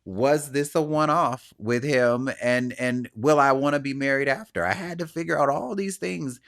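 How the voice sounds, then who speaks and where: A man's voice: mid-range voice, moderate pace, creaky. A man hosting his own podcast, talking through his feelings in an earnest, searching, self-questioning way and sometimes acting out what other people said. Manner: animated, acts out other people's voices. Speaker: podcast host. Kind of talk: personal reflective monologue.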